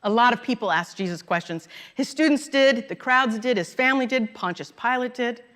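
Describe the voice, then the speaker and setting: A middle-aged woman preaches in a relaxed, conversational way, pausing to laugh at her own anecdotes. Her voice sits a little high. It is a Sunday talk in a church sanctuary. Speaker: minister. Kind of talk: sermon.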